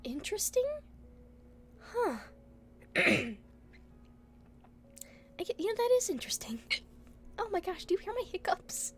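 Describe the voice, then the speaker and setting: A woman's voice: very high voice, very animated, measured pace, long pauses. A young woman streaming, chatting casually, giggling often and hiccuping now and then. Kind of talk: casual chat.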